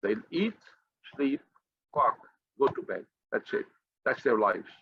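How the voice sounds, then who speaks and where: Husky, blunt man ranting profanely. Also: mid-range voice, very animated, slow, dry recording. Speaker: finance group leader. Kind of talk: impassioned motivational monologue. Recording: dull, slightly lo-fi dry recording.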